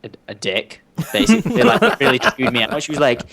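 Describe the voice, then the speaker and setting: A young man, a podcast guest, telling stories in lively casual chat and laughing often. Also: medium pitch, a little fast. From United Kingdom. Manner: animated storyteller who laughs often.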